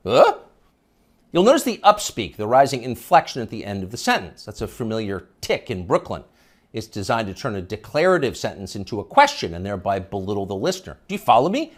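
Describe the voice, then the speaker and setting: A middle-aged man delivering a scripted news commentary monologue, sarcastic and mocking, with emphatic rises and low confiding drops.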